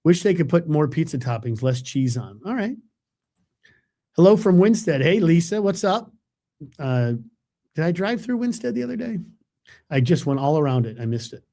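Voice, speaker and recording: A man's voice: fairly high pitch, big pitch swings, moderate pace, long pauses, mellow. Chatty New weatherman rambling. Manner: chatty, rambling, self-deprecating, with frequent fillers. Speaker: TV meteorologist hosting a live webcast. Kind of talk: casual livestream chat reading viewer comments.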